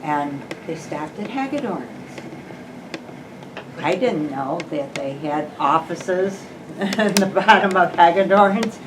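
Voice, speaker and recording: A woman's voice: fairly low pitch, expressive, slow pace. Older woman reminiscing from the audience. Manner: chatty, laughs while recalling. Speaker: audience member. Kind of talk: casual reminiscing. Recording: distant mic with loud background noise.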